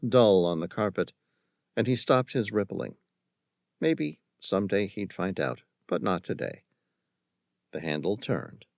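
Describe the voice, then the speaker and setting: A male audiobook narrator reading a thriller novel in a measured, dramatic storytelling manner. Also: lowish voice, vocal fry, darkish tone, no room sound, clean studio sound. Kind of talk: scripted narration.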